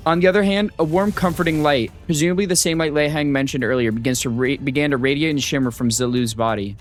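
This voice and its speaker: A man streaming a story game, reading the text aloud and reacting with excitable, swear-filled outbursts. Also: on the high side, fast, few pauses, soft background music. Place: home streaming setup.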